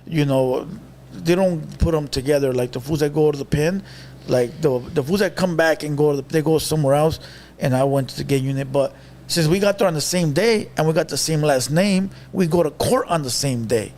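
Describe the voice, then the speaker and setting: A man's voice: on the high side, a little fast, a little hiss or hum. A young man, casually telling a story on a podcast and mixing in Spanish slang. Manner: animated storyteller, mixes Spanish slang, acts out quotes.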